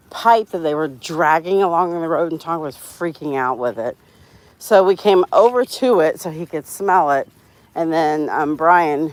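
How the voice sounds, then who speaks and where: A woman's voice: on the low side, no echo. A woman hosting a casual live stream while walking her dogs outside, chatting to viewers and laughing often. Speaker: dog channel host. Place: outdoors on a sidewalk.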